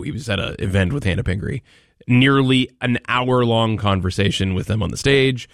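A man's voice: lowish voice, moderate pace, creaky, no echo, studio quality. A man hosting a talk radio show, delivering commentary with sarcastic mock outrage and taking calls.

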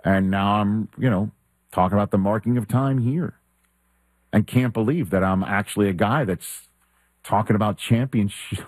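Low-voiced sports radio host in his fifties. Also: normal speed, a little mellow, no room sound. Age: 50s.

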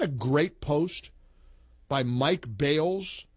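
Man, talk radio host, slightly high voice, dry studio sound, punchy, emphatic. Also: lively intonation, moderate pace, no room sound. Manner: emphatic, punchy, reads in clipped phrases.

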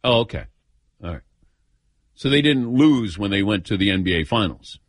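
A man hosting a sports talk radio show, telling a story with lively acted-out quotes and taking calls. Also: fairly low pitch, normal speed, no echo, studio quality. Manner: animated storyteller, acts out quoted voices.

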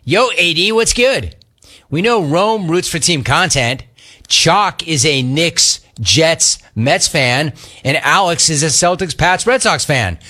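A man hosting a sports talk radio show, ribbing his co-hosts with emphatic, animated banter and repeated catchphrases. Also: on the high side, takes it slowly. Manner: emphatic, mocking and animated, repeats phrases for effect.

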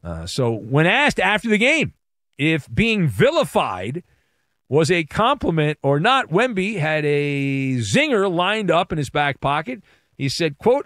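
A man hosts a sports talk radio show from a studio microphone, his voice sitting a little high and swinging widely as he leans into playful, exaggerated emphasis. The sound is close and dry, with no room around it. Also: very animated, a little slow, fairly bright tone, dry recording.

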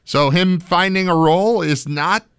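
A man's voice: sits high, measured pace, a bit bright, clean tone, no echo, clean studio sound. Joking man hosting sports radio. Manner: joking, rambling. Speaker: radio sports show host. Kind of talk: casual studio chat.

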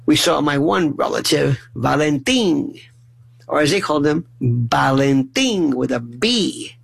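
Gravelly, animated man telling stories. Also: on the high side, a little slow, low-quality recording. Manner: animated, acts out family dialogue in shifting voices; stumbling restarts and repeated words. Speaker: storyteller. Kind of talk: humorous personal storytelling monologue.

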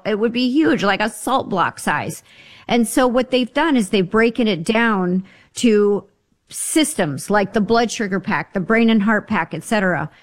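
A woman on a talk show, telling stories and giving health advice in a chatty, emphatic way. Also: a little high. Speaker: guest health advisor. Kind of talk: casual radio talk.

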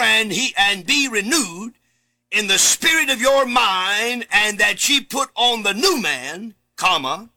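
A man preaching a sermon in a high, swooping voice that rises and falls widely. He reads scripture aloud and hammers home key words, at times breaking into shouts. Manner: emphatic, repeats key words, shouts for emphasis; reads scripture aloud in old Bible wording.

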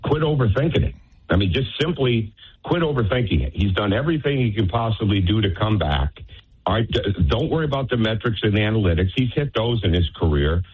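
A basketball coach calling in as a radio guest, talking emphatically and persuasively. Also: male voice, on the low side, expressive, quick pace, husky. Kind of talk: phone interview. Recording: phone line.

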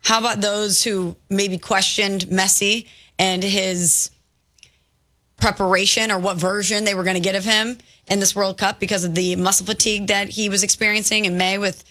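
A woman co-hosting a sports talk show, enthusiastic and quick to agree and riff on the conversation. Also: medium pitch, level tone, sharp tone.

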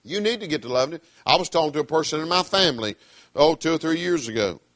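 A middle-aged man, preaching a sermon with emphatic, swinging delivery, loud declarations dropping to quiet asides. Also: a little high, lively intonation, quick pace, no echo.

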